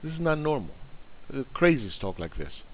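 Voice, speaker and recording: A man's voice: mid-range voice, very animated, normal speed, slightly rough. Angry, profane man ranting about money. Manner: angry, sarcastic, profane, mocking. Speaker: investing channel host. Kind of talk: ranting commentary.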